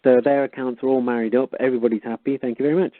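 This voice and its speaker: A man calling in by phone, wryly retelling a dispute with an animated, incredulous manner. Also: mid-range voice, very fast, slight background noise. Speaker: caller. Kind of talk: phone-in storytelling. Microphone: telephone. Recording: tinny dry phone line.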